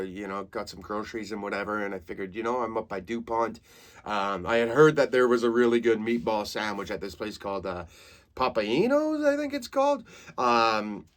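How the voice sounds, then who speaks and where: Animated man telling stories. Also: fairly low pitch. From Saskatchewan, Canada. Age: 30s. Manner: animated, swears freely, laughs through his own stories. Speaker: comedian podcast host. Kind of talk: casual comedic storytelling.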